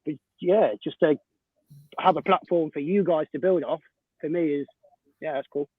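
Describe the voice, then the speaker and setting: A man chatting casually on a video call, self-deprecating and quick to laugh. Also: a little high, husky, dry recording. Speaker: website volunteer, regular guest. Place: home in Australia. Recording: tinny, dry video call audio.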